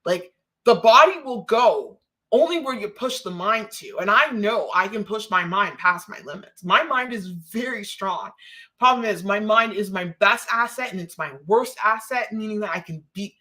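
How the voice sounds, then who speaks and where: Close to tears yet laughing often, a woman from Canada rambles through a live stream chat. Her medium-pitched voice is bright and forceful, moving at a moderate pace.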